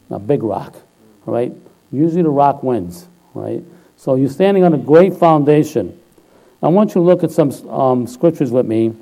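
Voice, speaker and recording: A man preaching a sermon in an informal, chatty way, often checking in with "all right?" and rising loud and high when he exhorts or quotes. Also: rough recording.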